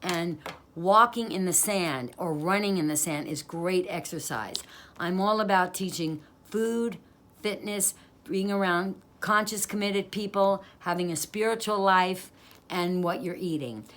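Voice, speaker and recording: A woman from New York reading aloud from her own inspirational book. Her voice is lowish but strikingly bright and forceful. She talks in an upbeat, preachy way and rolls through long rhythmic lists. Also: a little slow. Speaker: author.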